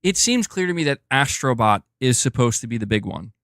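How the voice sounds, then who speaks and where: A male gaming livestream host chats casually and excitably as he reads out viewer messages. His voice is mid-pitched and sounds dry and close. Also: brisk, no echo. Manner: excitable and chatty, often says "dude".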